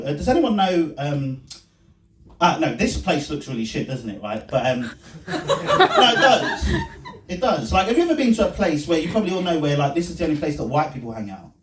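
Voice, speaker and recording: A man's voice: a little high, slight background noise. A man doing a loose, self-mocking stand-up set in a small room, his voice swinging widely up and down. The sound is roomy and a little distant, picked up from across the space. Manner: rambling, self-mocking, frequent laughing asides. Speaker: stand-up comedian. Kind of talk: stand-up set and vlog commentary. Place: small pub comedy room. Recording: echoey room recorded from a distance.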